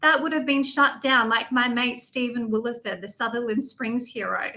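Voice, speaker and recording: A woman's voice: on the high side, fairly even intonation, moderate pace, sharp tone. An Australian woman speaking as a guest, blunt and emphatic, talking with rising indignation. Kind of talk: impassioned interview talk.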